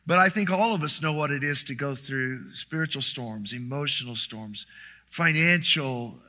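A middle-aged man preaching a sermon, telling a story with lively animation and acting out the quoted lines. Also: medium pitch, moderate pace. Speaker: pastor.

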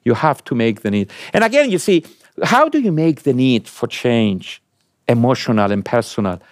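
A man's voice: very animated, normal speed, no room sound, studio quality. A man lecturing an audience, asking them questions and stressing points emphatically. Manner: asks the audience questions, emphatic rising pitch.

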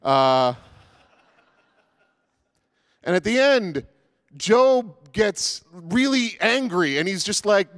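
Joking, halting man preaching a sermon. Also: high voice, animated, fairly bright tone, dry recording, clean studio sound. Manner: casual, joking, many fillers and restarts. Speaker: pastor.

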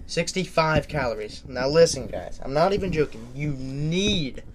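A young man co-hosting a casual podcast, excitable and loud at times, swearing freely. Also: on the high side, normal speed, a little hiss or hum. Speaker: podcast co-host. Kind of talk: casual chat.

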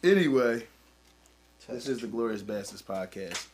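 A man in his twenties from who hosts the podcast, teasing his friends and dropping his voice low when he makes announcements. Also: animated, measured pace, a little mellow, a little hiss or hum. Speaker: podcast co-host. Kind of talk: casual chat.

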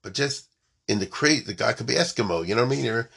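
A man's voice: mid-range voice, animated, fast talker, vocal fry, a bit bright, breathy edge. A man giving an informal storytelling lecture, mixing in Hebrew and Yiddish terms and often checking that his listeners follow.

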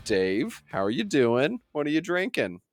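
A man hosting a casual podcast, greeting listeners and co-hosts with upbeat, excitable reactions. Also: on the high side, a little slow, faint music behind. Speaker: podcast host.

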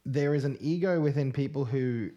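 A podcast host speaks in casual chat. He lays out his opinions earnestly and reflectively, in a voice of ordinary middle pitch. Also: moderate pace, warm tone, dull audio. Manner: earnest, reflective opinion-giving, punctuated by "right?".

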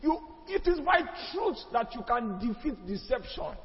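A man's voice: very high-pitched, big pitch swings, normal speed. A man with a Nigerian accent teaching a church history class, speaking emphatically and firing off rhetorical questions. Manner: emphatic, rhetorical questions, mixes in pidgin and Yoruba asides. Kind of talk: classroom lecture. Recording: echoey hall, muffled lo-fi sound.

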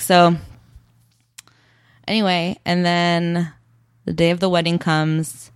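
A young woman talks through the plot of a show in a relaxed, chatty way, slipping into quoted lines from the characters and laughing often. Her voice sits a little low for a woman. The recording is dry and close, with no room sound. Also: slow pace, pauses often, clear, resonant tone, dry recording. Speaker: podcast co-host recapping a TV show. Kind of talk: casual chat.

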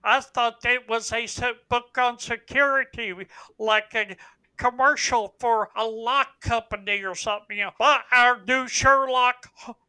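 A man's voice: very high voice, steady tone, a little slow, pushed and bright, clear, resonant tone, heavily acted. A man voicing a dim-witted, naive rural man, talking in folksy, ungrammatical banter on a comedy podcast. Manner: folksy ungrammatical drawl, literal-minded.

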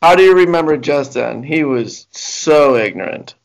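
A man's voice: fairly high pitch, animated, normal speed, vocal fry, low-quality recording. A young man co-hosting a podcast in casual chat, dry, self-mocking and sarcastic. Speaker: podcast co-host.

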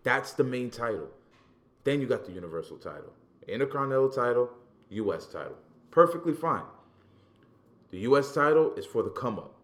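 A man in casual, animated, profane chat about wrestling as a podcast co-host, often repeating words as he gets going. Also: mid-range voice, a little fast, long pauses.

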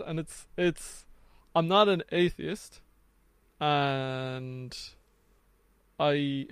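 A man's voice: a little high, extremely slow, pauses often, smooth, no room sound. A man in casual podcast conversation who talks in a reflective, hesitant way with restarts and laughter.

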